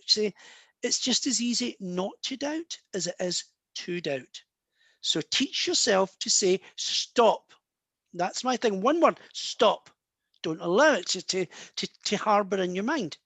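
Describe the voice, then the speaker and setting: A man's voice: high-pitched, a bit bright, no echo. A man with a Scottish accent, a medium answering audience questions in a friendly, reassuring way, calling listeners guys and love. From Scotland. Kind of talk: casual talk.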